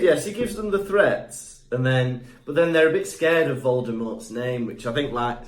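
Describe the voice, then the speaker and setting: A man co-hosting a casual podcast, jokey and given to exasperated rants. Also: mid-range voice. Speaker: podcast co-host. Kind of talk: casual chat. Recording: echoey room.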